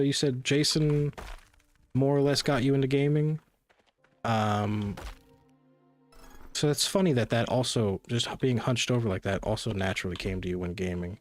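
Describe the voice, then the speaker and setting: A man's voice: medium pitch, normal speed, long pauses. A man streaming a cozy game, chatting casually and rambling to his viewers. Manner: rambling, chatty, talks to chat. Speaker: gaming streamer. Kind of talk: casual live-stream chat.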